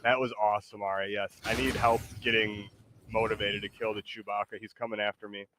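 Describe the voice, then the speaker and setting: A man's voice: fairly low pitch, flat delivery, fairly quick, noisy background. A man streaming a game, chatting casually in a rambling, hesitant, playful way. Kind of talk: casual chat while gaming.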